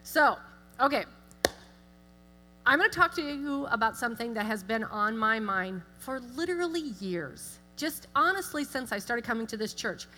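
A middle-aged woman giving a chatty, self-deprecating church talk with animated asides. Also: a little high, moderate pace, a little hiss or hum. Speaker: guest speaker. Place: church sanctuary. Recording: long hall reverb with music.

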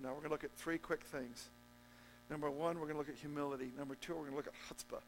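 Gravelly-voiced male preacher, animated. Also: fast, a little hiss or hum, poor audio. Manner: animated preaching, swinging from loud emphatic peaks to low quiet stretches; jokey, conversational asides to the congregation. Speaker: pastor. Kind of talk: sermon.

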